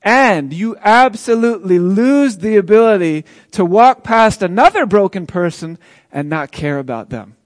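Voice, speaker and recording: In a first-person dramatic monologue, a man plays an earnest, joyful man who was once paralyzed and tells of his healing. His fairly high voice is expressive and moderately paced, with chuckles throughout, recorded dry and close without room echo.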